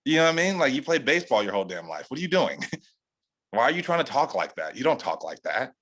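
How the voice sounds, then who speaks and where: A man from California leading a sales team call, giving a casual motivational pep talk in a loose, profane way that keeps jumping up in pitch for emphasis. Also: fast, rough recording. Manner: loose, profane, full of "like" and "dude"; animated, rising pitch for emphasis. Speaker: sales team leader hosting a training call.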